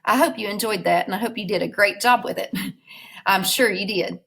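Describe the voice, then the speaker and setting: A woman's voice: medium pitch, normal speed, gravelly, a bit bright, rough recording. A woman teacher reading a storybook aloud in a recorded class lesson, patiently explaining words and prompting her students.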